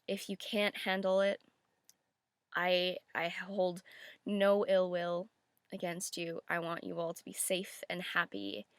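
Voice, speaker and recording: A woman's voice: lowish voice, flat delivery, slow pace, clear, resonant tone, no room sound, clean studio sound. A woman talking to camera in a casual reaction vlog, candid and rambling, swearing freely. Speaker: YouTube reactor.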